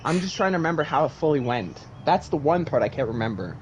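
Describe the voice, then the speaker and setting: A young man in casual chat, retelling a wild dream and acting out its voices with lively swearing. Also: fairly high pitch, fast. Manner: animated storyteller, acts out voices, swears casually. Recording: dull lo-fi sound with faint noise.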